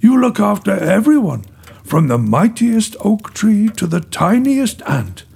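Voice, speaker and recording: A man voicing a gentle, wise ancient female nature spirit, speaking softly and slowly. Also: sits high, very animated, creaky, breathy edge, pitched above the performer's own voice, heavily acted. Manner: soft, slow, soothing.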